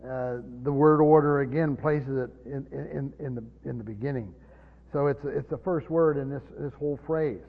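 With fairly even intonation, a moderate pace and some vocal fry, a man preaches a Bible-teaching sermon in a teacherly way. He repeats words often as he explains and drops low for scripture, recorded dully in a long-reverb hall.

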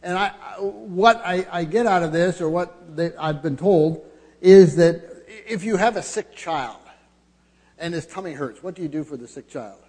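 A man delivers a sermon in a fairly high but mellow voice, pausing often and restarting his phrases, then building toward emphatic passages. His words ring out with a long reverb, as in a church sanctuary. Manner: halting, many fillers and restarts, grows emphatic. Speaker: preacher.

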